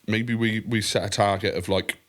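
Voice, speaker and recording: A man co-hosts a podcast in a casual chat, rambling and swearing a lot. His fairly low voice is a bit bright, with fairly even intonation at a normal speed.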